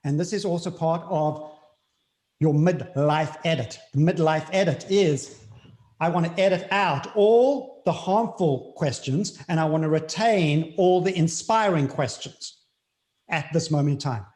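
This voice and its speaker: A man with a South African accent answers as an interview guest in an earnest, reflective way, repeating key phrases for emphasis. His fairly high voice for a man is a little mellow, and he keeps a measured pace.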